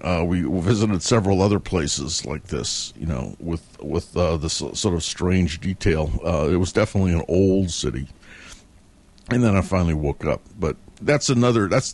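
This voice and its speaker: A man's voice: deep voice, animated, normal speed, a little mellow. A man telling a long, vivid dream in a casual, rambling way, full of fillers and restarts. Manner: chuckles between sentences. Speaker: dream teller. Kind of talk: casual spoken recollection.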